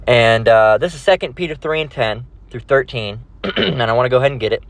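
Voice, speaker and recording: A man's voice: mid-range voice, fairly quick, rough recording. Man teaching scripture, rambling. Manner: rambling, peppered with "all right" and "okay" check-ins. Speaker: religious teacher.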